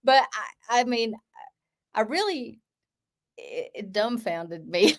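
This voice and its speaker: A woman's voice: on the high side, expressive, takes it slowly. A woman guest in a casual interview, chatting about spiritual ideas and laughing often as she talks. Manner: laughs often while telling anecdotes.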